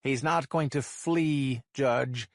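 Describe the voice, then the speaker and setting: A man's voice: medium pitch, takes it slowly, no echo, clean studio sound. A man voicing an indignant male defense lawyer who protests emphatically in court.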